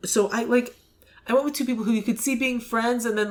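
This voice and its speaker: A podcast host in casual chat, talking loosely with lots of "like" and quick acted-out quotes. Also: medium pitch, fairly even intonation. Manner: chatty, fills speech with "like", acts out quick quotes.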